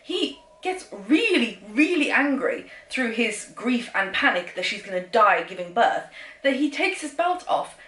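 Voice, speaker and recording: A woman's voice: a little high, sing-song, unhurried, fairly bright tone. A woman reviewing a book in a casual vlog, sarcastic and exasperated, with nervous laughter, recorded at home. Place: room at home. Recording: roomy echo.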